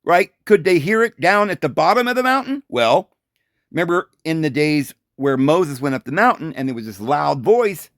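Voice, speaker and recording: A man giving an informal Bible commentary, animated and full of rhetorical questions and short chuckles. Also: fairly high pitch, normal speed, dry recording, clean studio sound. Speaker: Bible teacher.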